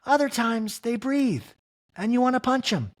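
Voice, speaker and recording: A man doing a high, exasperated reality-TV wife who is done answering to anybody. She talks in a lively, swooping, mockingly dramatic way. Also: normal speed. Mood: irritated defiant. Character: irritated defiant middle-aged reality-TV wife.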